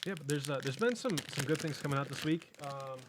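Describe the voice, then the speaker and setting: A man's voice: fairly high pitch, expressive, a little fast, heavy background noise. A man co-hosting a casual podcast in a comic shop, rambling and correcting himself as he talks about comics. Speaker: podcast co-host. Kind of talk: casual chat.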